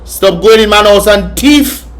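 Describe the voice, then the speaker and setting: A man's voice: high-pitched, unhurried, slight background noise. Male vlog host, raised voice, scolding reaction commentary. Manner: scolding, mocking and laughing often.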